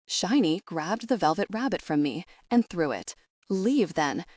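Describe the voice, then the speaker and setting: A woman narrating a first-person audiobook in a measured, expressive way. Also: on the low side, dry recording, clean studio sound.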